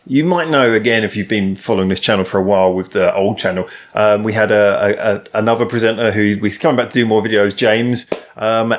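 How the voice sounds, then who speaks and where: A man hosting his own channel, giving a casual spoken music review in a rambling, chatty way with lots of ums and restarts. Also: mid-range voice.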